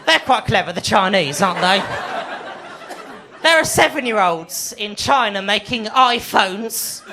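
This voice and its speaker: Stand-up comic teasing the crowd. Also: male voice, high-pitched, animated, a little slow, creaky. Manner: teasing banter with audience members. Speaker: stand-up comedian. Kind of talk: live stand-up set with crowd work. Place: comedy club stage. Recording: live club recording with crowd noise.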